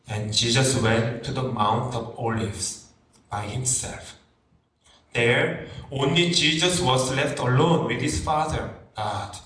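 Male pastor, slow and reflective, preaching, recorded from a distance in an echoey room. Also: medium pitch, fairly bright tone. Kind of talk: sermon. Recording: roomy, distant mic with faint background noise.

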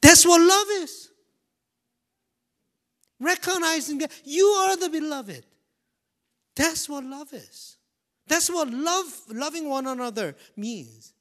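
A man preaching a sermon, swinging from loud emphasis to hushed near-whispers and repeating key phrases slowly. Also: very high-pitched. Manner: slow, deliberate delivery with repetition.

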